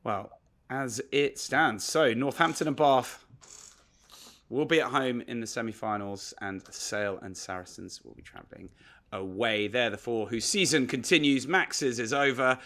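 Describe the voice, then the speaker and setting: A man presenting a podcast, asking questions and running through results in a measured way. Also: medium pitch, bright, forceful tone. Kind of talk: casual chat and results roundup.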